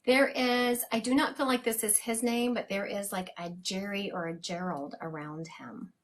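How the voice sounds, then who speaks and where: A woman's voice: medium pitch, fairly even intonation, moderate pace. A woman hosting a live stream as a psychic medium, chatting casually and laughing at herself.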